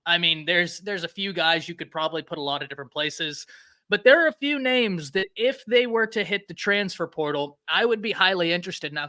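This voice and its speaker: A man with a mix of Texan and New York accent, talking football in an animated, emphatic way. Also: high voice. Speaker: co-host, football analyst. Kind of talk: casual sports talk.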